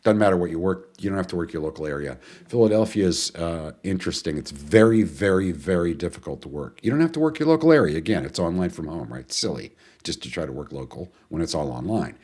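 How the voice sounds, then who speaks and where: Male webinar host, very low voice, casual and rambling, chats with the audience. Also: a little fast, a little mellow, slightly rough. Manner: chatty, rambling, greets viewers and answers chat questions. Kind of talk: casual live webinar talk.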